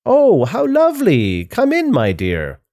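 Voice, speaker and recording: A cunning storybook wolf, put on by a man, squeaks in a high, sugary disguise that keeps slipping toward menace. The pitch leaps well above a plain speaking voice and swings widely. It is read slowly, for children. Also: wildly swooping pitch, darkish tone, no echo, clean studio sound, full character voice. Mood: falsely sweet. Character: sly big bad wolf, male, faking a high sweet voice.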